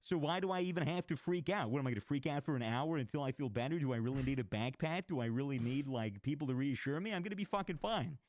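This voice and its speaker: A young man chatting casually, an animated storyteller who swears freely and acts out his friends' lines. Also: medium pitch, fast talker, hardly any pauses, no room sound. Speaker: streamer telling stories. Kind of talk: casual chat.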